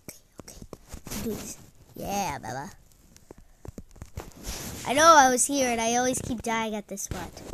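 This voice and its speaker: A woman's voice: fairly high pitch, big pitch swings, unhurried, pauses often, noisy background. A woman giving casual, stressed-out gameplay commentary, exclaiming often and saying "like" a lot. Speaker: gaming channel host.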